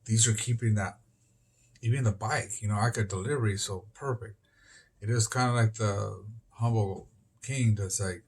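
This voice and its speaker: A man speaking outdoors to an interviewer, at an ordinary mid pitch. His talk rambles and jumps loosely from one topic to the next. At times he grows louder and more emphatic. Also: moderate pace. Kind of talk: rambling street conversation.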